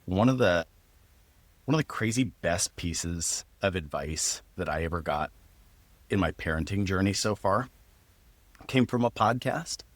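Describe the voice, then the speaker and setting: A man in his thirties, a podcast host, telling a personal story in a lively, casual way and laughing often. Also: fairly low pitch, dry recording.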